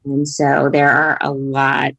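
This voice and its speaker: A woman's voice: a bass voice, completely flat delivery, slow, vocal fry, fairly bright tone. A middle-aged woman, a management consultant, talking casually as a podcast guest and often saying "you know" and "right". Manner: conversational, peppers talk with "you know" and "right". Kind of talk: casual interview chat.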